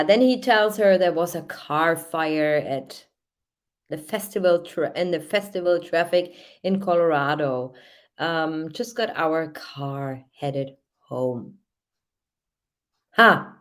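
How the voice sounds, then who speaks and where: Host type: unhurried woman with a lowish voice, reads records and muses aloud between them. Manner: reads timeline aloud with hesitant asides and fillers. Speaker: true crime channel host. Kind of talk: reading and commenting on case records.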